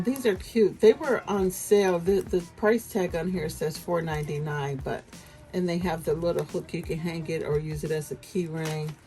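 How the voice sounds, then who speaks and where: A woman's voice: fairly low pitch, mellow, low-quality recording. A woman chatting casually at her home desk as she unboxes gifts for her viewers, gushing with delight. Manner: gushing, breathy exclamations of delight. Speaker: unboxing vlogger.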